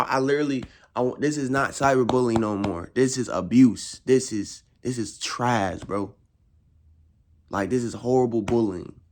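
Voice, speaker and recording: A young man, a frustrated football fan, ranting in casual slang, repeating himself and swinging his voice high in exasperation. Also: slight background noise. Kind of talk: casual rant.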